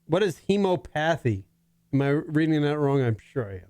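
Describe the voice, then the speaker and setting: A man's voice: a little high, sing-song, normal speed, darkish tone, dry recording. A man hosting a radio talk show, bantering wryly in profane casual chat.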